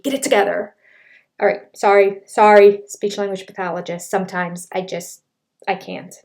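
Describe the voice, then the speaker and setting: An older woman, a speech language pathologist, giving casual commentary on a reality show and reading quotes aloud in an exasperated, animated way. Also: medium pitch, normal speed. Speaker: reaction channel host.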